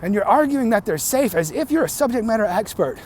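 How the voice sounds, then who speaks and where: Heated, high-voiced man ranting. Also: very animated, fairly quick, a little mellow, slight background noise. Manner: heated, profane, repeats and restarts himself. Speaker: vlogger. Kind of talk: angry rant to camera.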